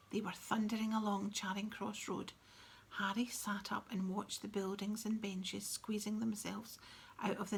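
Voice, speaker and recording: Narrator: woman, whispered storytelling, airy and breathy, steady mid-range voice. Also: medium pitch. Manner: soft, hushed, steady reading. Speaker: audiobook narrator.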